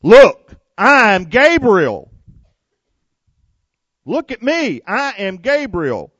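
A man's voice: fairly high pitch, wildly swooping pitch, normal speed, no echo. A stern male archangel thunders his rebuke in a raised, emphatic voice, put on by a preacher mid-sermon. The recording is dull and dry. The figure sounds offended, with no patience for doubt. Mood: indignant. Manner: emphatic, forceful declaiming.

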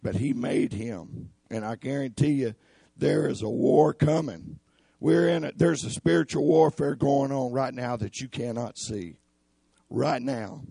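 A man with a raspy voice preaching a sermon in an earnest, emphatic way. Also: mid-range voice, a little slow, dark tone, no room sound, studio quality. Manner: earnest, emphatic, addresses listeners as y'all.

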